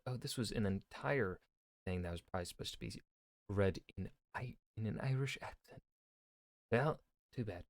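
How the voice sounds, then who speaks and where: A man hosting a history reaction video, bursting into loud comments and reading a quote with rising excitement. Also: fairly low pitch, moderate pace, pauses often, no room sound, studio quality.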